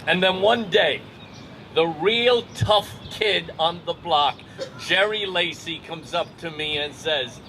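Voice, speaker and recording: Slow-spoken older Irish storyteller. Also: male voice, a little high, bright, forceful tone, a little hiss or hum, poor audio. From Ireland. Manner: measured, wry, deliberate pacing. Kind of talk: live personal storytelling.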